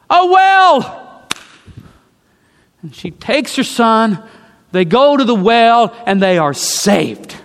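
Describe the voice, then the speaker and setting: A man delivers a sermon as dramatic storytelling, leaning on repeated phrases for emphasis. His voice sits high for a man and moves slowly. A long reverb from a large hall hangs on every line. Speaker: preacher.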